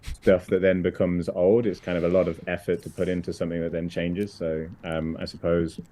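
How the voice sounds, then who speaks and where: A man, a guest on a casual live-stream chat about photography. He speaks haltingly, with many restarts. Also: low-pitched, flat delivery, warm tone, slight background noise. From United Kingdom.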